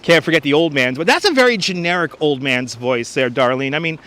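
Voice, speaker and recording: A man's voice: fairly high pitch, expressive, fairly quick, bright, forceful tone. A man live-streaming outdoors on a frozen beach, chatting casually and greeting viewers by name on a wireless lapel mic. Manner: chatty, greets viewers and reads chat names aloud. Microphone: wireless lapel mic, phone on gimbal.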